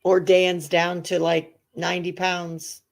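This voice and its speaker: A woman's voice: on the low side, level tone, takes it slowly, creaky. Teasing woman hosting a live stream. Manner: teasing, laughs often, acts out quoted voices. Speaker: livestream panel co-host. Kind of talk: casual chat.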